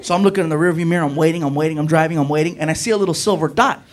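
A man telling a story on a comedy club stage, animated, acting out his friends' voices. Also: on the high side, rapid-fire. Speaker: stand-up comedian. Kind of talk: stand-up storytelling. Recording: noisy live club recording.

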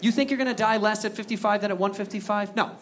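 An American man performing a stand-up comedy set, ranting loudly and profanely and acting out the people he quotes. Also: high-pitched, fast talker. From United States. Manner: loud, animated, profane rants with acted-out quotes. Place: comedy club stage with a laughing audience. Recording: live club recording, crowd laughter and noise.

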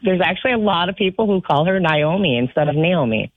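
A woman's voice: fairly low pitch, expressive, quick pace, no echo. A woman calling in to a radio show, telling a story and laughing. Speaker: caller. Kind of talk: phone-in chat. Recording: muffled phone line.

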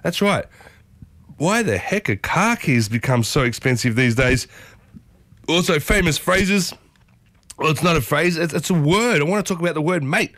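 A man in his thirties with an Australian accent and a husky voice from a sore throat, hosting a morning radio show from a studio in an energetic, playful, chatty way. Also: on the high side, moderate pace, no echo. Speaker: radio host. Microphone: studio microphone.

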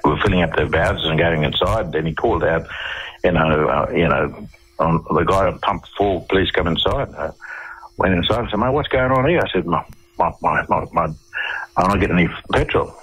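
A middle-aged Australian man with a low, husky voice talks as a guest on a radio interview. He tells his stories in a loose, rambling way, doubling back and repeating words as he goes. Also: moderate pace, fairly bright tone, poor audio. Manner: rambling, repeats and restarts phrases. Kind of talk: casual storytelling on a radio interview.

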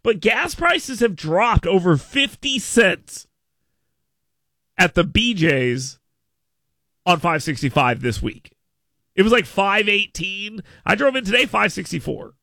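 A high-pitched male radio host with a gravelly edge and a bright, sharp tone. He rambles in an animated way, stammering and restarting his sentences. The studio sound is dry and close. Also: slow pace, no echo. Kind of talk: casual talk radio banter.

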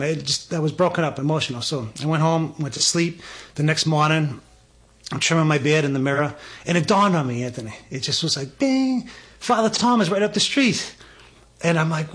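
A man's voice: on the high side, brisk, fairly bright tone, slightly rough. A man, a guest telling a personal story with lots of energy, stammering restarts and acted-out dialogue. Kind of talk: animated storytelling.

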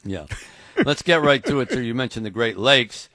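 A man hosting a comedy interview, asking brisk mock-serious questions. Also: medium pitch, expressive, sharp tone, dry recording, studio quality. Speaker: radio host.

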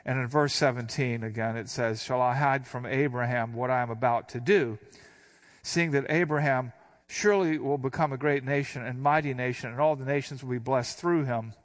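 An older man preaching in a conversational sermon style, reading scripture aloud slowly and then explaining it. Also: mid-range voice. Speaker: pastor.

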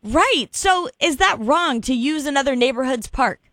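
A woman's voice: sits high, expressive, normal speed, a bit bright, no room sound. A woman hosting a call-in radio show, chatting casually, laughing and trailing off into restarts. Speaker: radio host.

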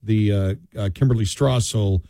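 A man's voice: on the low side, normal speed, dark tone, no echo. A middle-aged man co-hosting a talk radio show, rambling with many fillers and restarts. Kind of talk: casual talk radio banter. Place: radio studio.

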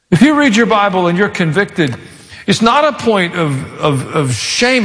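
Male pastor mid-sermon, high and swooping voice, long hall reverb. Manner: preaching, with sudden rises and quiet asides.

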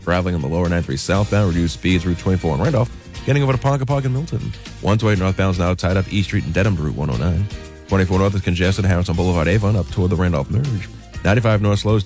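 A man reading a radio traffic report in a brisk, steady way. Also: lowish voice. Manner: brisk, even read of road conditions.

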